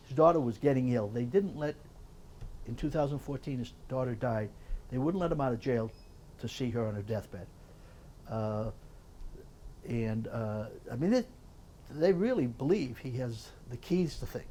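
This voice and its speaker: An older man, an author speaking at a public library, tells a story in an animated way and often repeats words as he builds it. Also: mid-range voice, normal speed, long pauses, a little hiss or hum. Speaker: author giving a library talk. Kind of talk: storytelling lecture.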